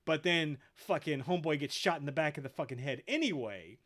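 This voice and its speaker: A man's voice: a little high, lively intonation, a little fast, a bit bright. A man hosting a podcast, retelling episodes casually with lots of swearing and quoted voices. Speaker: podcast host. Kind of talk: casual chat.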